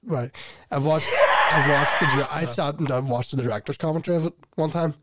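A man's voice: a little high, a little fast, heavy background noise. A young man, rambling and laughing as he tells a story on a casual podcast. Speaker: podcast co-host. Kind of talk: casual chat.

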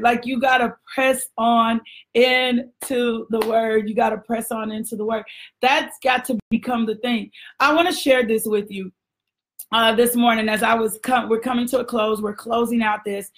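A woman's voice: on the high side, fairly even intonation, normal speed. A woman preacher praying fervently and then preaching, repeating phrases and speaking casually to her listeners between scripture readings. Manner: fervent, repetitive, calls out to listeners. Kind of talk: sermon with prayer.

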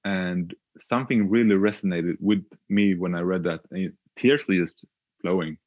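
A young man with a very low, deep voice tells his story slowly and haltingly, pausing often. The sound is dry and close, but the recording is dull and lo-fi. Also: no room sound. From Sweden. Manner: hesitant, halting, with frequent filler sounds. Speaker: podcast guest. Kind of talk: reflective personal storytelling.

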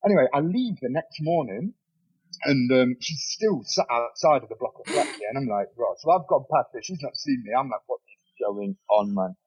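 Husky, animated guy. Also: mid-range voice, fairly quick, lo-fi sound. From Nottingham, England. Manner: animated, swears freely, laughs mid-story. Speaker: podcast guest. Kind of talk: casual storytelling. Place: bedroom.

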